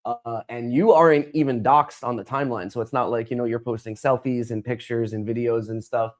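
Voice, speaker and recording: Man, interview guest, middle pitch, animated storytelling, casual chat. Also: a little fast. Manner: animated storyteller, acts out dialogue.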